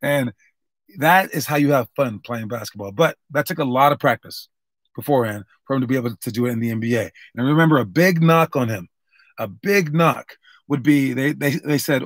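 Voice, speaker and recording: A man's voice: medium pitch, a little fast, dry recording, studio quality. A young man coaching basketball drills in a casual, rambling, upbeat way, full of fillers and restarts. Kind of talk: casual instructional talk.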